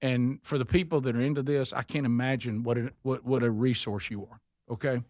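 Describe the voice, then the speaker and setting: A man hosting a talk show, telling a funny story with lively mimicry of other people's voices. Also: medium pitch, brisk, no echo, clean studio sound. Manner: animated, mocking voices in his story. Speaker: radio show host.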